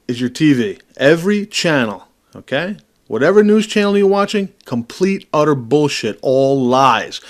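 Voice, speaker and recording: A man giving an agitated, profane video commentary, pressing the viewer with repeated questions. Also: on the high side. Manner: talks straight to the viewer with constant tag questions.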